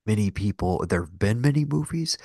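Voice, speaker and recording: Brief: male podcast co-host, loose and profane, a gravelly voice recorded dry and close. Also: fairly low pitch, expressive, fairly quick, a little mellow, dry recording. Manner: rambling, profane, heavy filler "like". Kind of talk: casual film discussion.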